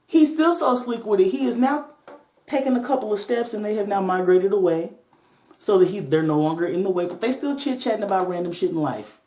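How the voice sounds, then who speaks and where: A woman's voice: mid-range voice, brisk, dark tone. A woman hosting a podcast, telling a story in a laid-back, profane way with joking asides, in a roomy-sounding recording. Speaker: podcast host. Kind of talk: casual storytelling. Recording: roomy echo.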